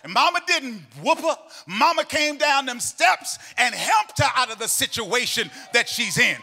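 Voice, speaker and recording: A middle-aged man preaching a sermon in a church. He tells stories and breaks into sung, shouted cadences, with faint music behind him. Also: extremely high pitch, very animated, moderate pace, vocal fry. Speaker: pastor. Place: church sanctuary.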